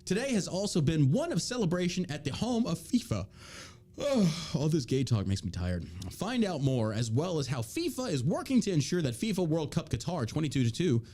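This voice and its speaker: A man's voice: mid-range voice, huge pitch swings, a little fast, a little mellow. A man hosting a podcast in a casual chat, reading news articles aloud and mocking them with crude jokes. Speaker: podcast host.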